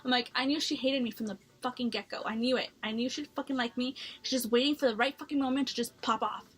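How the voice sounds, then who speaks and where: A woman's voice: fairly high pitch, fairly even intonation, quick pace, slightly rough. A young woman chatting through a personal story for her vlog, blunt and full of swearing. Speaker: vlogger.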